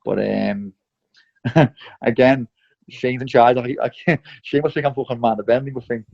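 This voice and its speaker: A man's voice: mid-range voice, steady tone, a little slow, gravelly. A young man talks bluntly in an interview, swearing freely and dropping "mate" and "lad" as he goes. The recording sounds slightly dull and lo-fi. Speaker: professional boxer. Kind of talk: candid interview.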